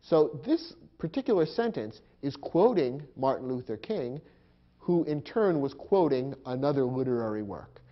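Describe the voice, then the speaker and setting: A man's voice: medium pitch, very animated, normal speed, dull audio. A man teaching a grammar lesson, explaining punctuation rules step by step and spelling out marks aloud. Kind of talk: recorded lecture.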